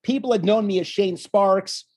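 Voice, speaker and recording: A man who commentates on wrestling, spinning stories as a guest on an interview show. He acts out the people in his stories with a lively delivery. His voice has a husky, slightly rough edge. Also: sits high, normal speed. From Wisconsin. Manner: animated storyteller, acts out quotes. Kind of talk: casual storytelling interview.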